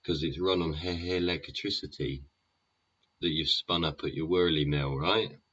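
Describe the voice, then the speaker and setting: Deep-voiced man host, husky, swears constantly, tag questions, dull lo-fi sound. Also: steady tone, normal speed, fairly bright tone. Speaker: podcast host. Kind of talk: sweary rambling monologue. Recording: dull lo-fi recording.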